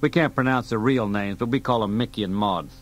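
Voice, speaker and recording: A man's voice: fairly low pitch, a little fast, close to an everyday voice. A man doing a laconic veteran agent. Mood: dry. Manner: laconic, matter-of-fact. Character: dry, seasoned male secret agent.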